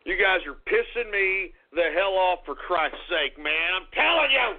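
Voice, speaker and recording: A man hosting a radio show, launching into an angry, profane rant full of insults and repeated shouting. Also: high-pitched, lively intonation, moderate pace. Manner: furious, insulting, repetitive shouting. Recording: lo-fi phone-like radio audio.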